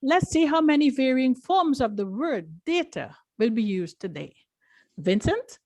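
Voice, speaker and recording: A woman acting as grammarian at an online club meeting, explaining a word in a clear, instructive way. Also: high-pitched, sing-song, a little slow, a little mellow, no echo.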